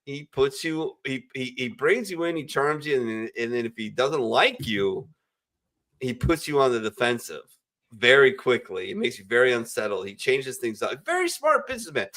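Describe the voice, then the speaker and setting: A man's voice: mid-range voice, big pitch swings, moderate pace, pushed and bright. A man hosting a casual online chat among veterans, blunt and profane, rambling through his opinions over a video call. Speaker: podcast host. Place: home, virtual call.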